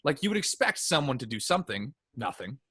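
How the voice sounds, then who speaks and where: A man from Michigan co-hosting a podcast, telling stories in a casual, animated way with quick asides. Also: mid-range voice, slightly rough. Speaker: podcast co-host.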